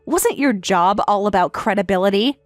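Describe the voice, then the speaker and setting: A woman voicing a calm, sarcastic wife in a text-message story, speaking in a matter-of-fact way. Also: medium pitch, normal speed, no room sound, faint music behind, natural voice. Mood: cool, sarcastic. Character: calm, sarcastic wife who has left her husband.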